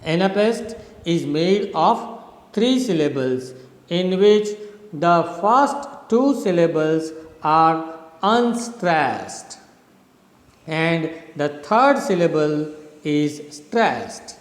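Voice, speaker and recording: A middle-aged man from India lectures very slowly and deliberately, repeating and spelling out words for his students. His voice sits a little high for a man. The room rings with a long, echoing reverb. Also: lively intonation. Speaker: English literature professor. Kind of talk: recorded lecture.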